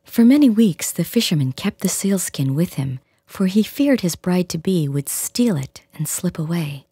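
A woman reading a fairy tale aloud in a gentle, hushed storytelling manner, with a soft, breathy, near-whispered delivery. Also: lowish voice, lively intonation, normal speed, no echo, studio quality. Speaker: audiobook reader. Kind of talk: storybook narration.

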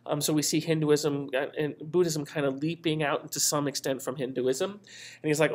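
A man's voice: fairly high pitch, fairly even intonation, moderate pace. Man lecturing in a chatty way. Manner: chatty storytelling, frequent ums and "right?" asides. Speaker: history lecturer. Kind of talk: casual recorded lecture.

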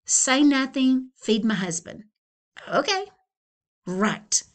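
A woman putting on a doubtful middle-aged neighbor lady from a storybook read-aloud, stretching her words out slowly with a high, lively lilt. She sounds skeptical of everything.

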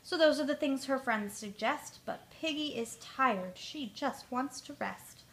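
Bright-voiced woman reading a storybook. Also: high-pitched, unhurried. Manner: lively, voices the characters. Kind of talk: reading a rhyming picture book aloud.

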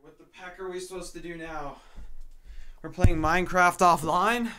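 Guy with a high voice moaning his way through a goofy game skit. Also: fairly even intonation, normal speed, fairly bright tone. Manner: whiny, exasperated complaining. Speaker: gameplay skit narrator. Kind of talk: comedic game commentary.

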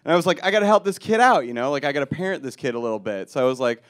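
Speaking very fast at a medium pitch, a young Milwaukee comic works through a stand-up set in a club, dry and self-deprecating as he punches up each joke.

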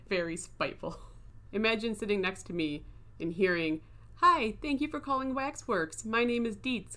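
Chatty woman in her thirties, slightly low. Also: a bit bright. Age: 30s. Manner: chatty, self-deprecating, laughs while talking. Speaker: video creator. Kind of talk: rambling voice-over storytelling.

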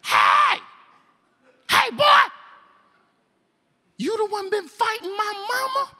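A man voicing a furious jailed man who bellows accusations from his cell in a strained, high shout. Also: moderate pace. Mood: furious yelling.

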